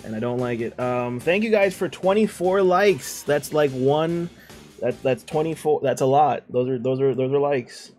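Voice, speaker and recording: A male game streamer in a loose, chatty mood, riffing on viewer messages with a playful and rambling delivery. His voice sits at a middle pitch, and faint music plays underneath. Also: moderate pace, darkish tone. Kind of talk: casual live-stream chat, reading out viewer messages.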